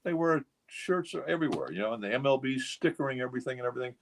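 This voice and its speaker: A man's voice: medium pitch, lively intonation, very fast, slight background noise. A man over sixty, a memorabilia collector appearing as a guest on a radio talk show, who tells rambling stories packed with fillers. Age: older. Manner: rambling storyteller, many fillers. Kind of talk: casual radio chat.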